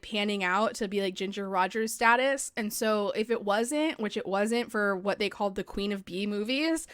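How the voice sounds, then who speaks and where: A woman's voice: medium pitch, a bit bright, no echo. Chatty woman podcast host, dry close mic. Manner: chatty, swears freely, heavy use of "like". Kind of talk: casual chat. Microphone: podcast microphone.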